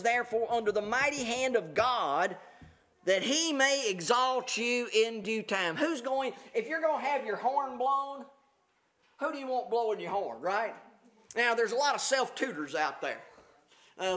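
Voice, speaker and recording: A male pastor with an extremely high, slightly bright voice gives a conversational sermon. He reads scripture aloud and explains it, using frequent fillers and restarts.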